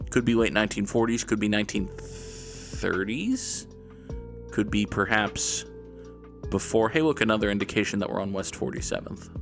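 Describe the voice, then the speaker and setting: A man's voice: mid-range voice, fairly bright tone. A man casually commenting while he plays a guessing game, rambling and joking to himself and swearing now and then. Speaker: gaming YouTuber.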